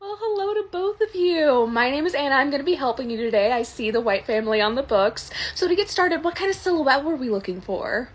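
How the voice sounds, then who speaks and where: A polite bridal shop consultant, played by a young woman, who greets customers in a high, lively voice. She sounds professional and courteous. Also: fairly quick, few pauses.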